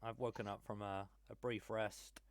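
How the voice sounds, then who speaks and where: A man's voice: on the low side, little pitch movement, normal speed, no echo. A man, playing a tabletop game casually and speaking for his character in a chatty way with frequent fillers. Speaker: player.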